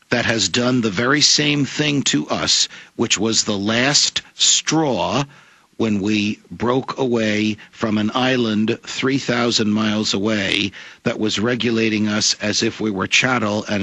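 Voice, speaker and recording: A man's voice: on the low side, a little slow, vocal fry, pushed and bright, no room sound, low-quality recording. A middle-aged man, a former judge and author, arguing emphatically as a radio guest with an oratorical, lawyerly cadence. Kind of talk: impassioned talk radio argument.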